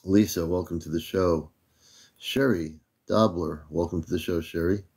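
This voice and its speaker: Deep-voiced older man greeting viewers. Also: moderate pace, husky. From United States. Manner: relaxed, greets viewers by name. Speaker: livestream host. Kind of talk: casual livestream greetings.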